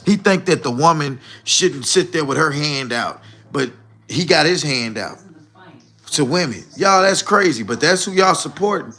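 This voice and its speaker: A man's voice: a little high, animated, moderate pace, pushed and bright. A man hosting a livestream, bluntly ranting and lecturing his viewers directly. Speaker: livestream host. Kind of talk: live commentary rant.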